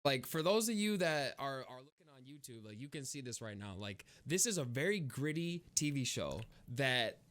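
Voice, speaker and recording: A man's voice: mid-range voice, very animated, moderate pace, few pauses, a bit bright. A young man co-hosting a casual podcast, rambling with lots of fillers and frequent laughter. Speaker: podcast co-host. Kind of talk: casual chat.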